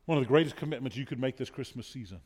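A man's voice: mid-range voice, lively intonation, very fast, a little mellow. A man preaching a sermon as pastor, telling stories earnestly and repeating words when he presses a point. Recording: long hall reverb.

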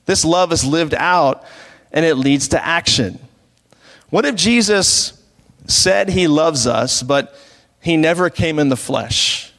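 A man delivers a sermon as a pastor, his voice sitting a little higher than most men's. He preaches conversationally and leans on rhetorical questions. His words ring out with a long reverb. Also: lively intonation, takes it slowly, a bit bright.

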